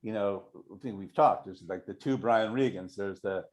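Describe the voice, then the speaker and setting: A middle-aged man, a longtime TV showrunner, telling casual anecdotes in a rambling way, full of restarts and quick acted-out voices for the people he quotes. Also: lowish voice, a little mellow.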